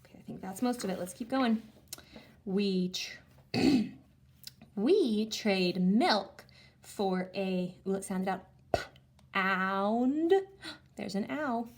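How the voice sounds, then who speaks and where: A woman teacher leading a reading lesson for young children, sounding out words slowly and reacting with animated excitement. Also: mid-range voice. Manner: animated, exaggerated excitement with gasps and slow sounding-out.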